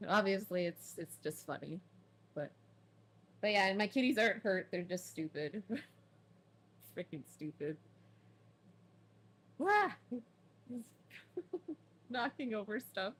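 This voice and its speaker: A woman streaming a game from home, chatty and laughing often, her throat sore from smoke allergies. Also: medium pitch. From Canada. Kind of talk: casual let's play chat.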